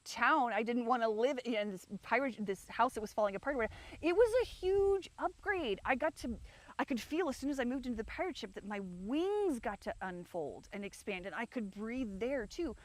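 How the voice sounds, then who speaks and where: A woman's voice: a little high, lively intonation, brisk, no room sound. A woman hosting a livestream, talking frankly and meanderingly about her life from an outdoor rock garden, with frequent swearing. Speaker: livestream host. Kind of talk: rambling personal chat.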